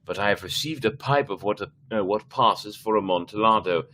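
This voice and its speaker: A man doing a flattering, scheming nobleman. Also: fairly low pitch, slight background noise. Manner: flattering, measured speech. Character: smooth, scheming male nobleman plotting revenge. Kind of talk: dramatic story reading.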